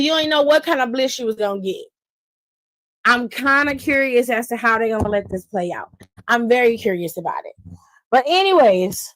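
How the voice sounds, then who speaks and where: A woman's voice: fairly high pitch, dry recording, poor audio. Sassy, profane woman, close and dry. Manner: sassy and profane, with frequent laughs. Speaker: wrestling aftershow host. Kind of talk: casual livestream recap.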